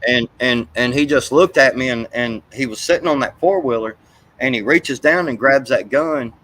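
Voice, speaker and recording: A man's voice: medium pitch, normal speed, fairly bright tone, poor audio. A man telling a heated, profane, rambling story in casual chat.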